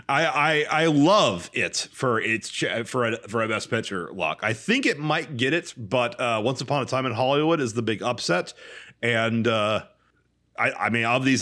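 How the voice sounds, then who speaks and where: A man's voice: mid-range voice, pushed and bright. A man co-hosting a casual podcast, talking loosely with fillers and casual swearing. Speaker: podcast co-host. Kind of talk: casual chat.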